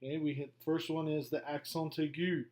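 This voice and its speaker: A middle-aged man teaching a beginner language lesson, going slowly through a worksheet, patient and repetitive with frequent okays. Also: a little high, level tone, a little mellow. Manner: slow, patient, repeats himself with many okays. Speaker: French teacher. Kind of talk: classroom lesson walkthrough.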